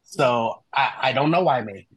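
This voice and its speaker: A man talks as a podcast guest, recounting his path with animated storytelling. He slips into the voices of friends as he quotes them. His voice sits in an ordinary middle range, and the recording is close and dry. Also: medium pitch, a little slow, breathy edge, dry recording, rough recording. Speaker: guest, human design reader and author.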